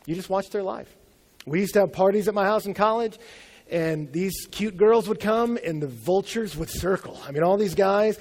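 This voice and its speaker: A man's voice: sits high, moderate pace, a little mellow. A young adult man preaching a sermon as a pastor in a conversational, humorous storytelling way.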